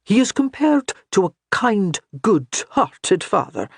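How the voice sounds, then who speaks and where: A man doing a kindly, gently teasing old priest. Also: sits high, very animated, slow pace, vocal fry, no echo, clean studio sound, pitched above the performer's own voice, full character voice. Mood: reassuring.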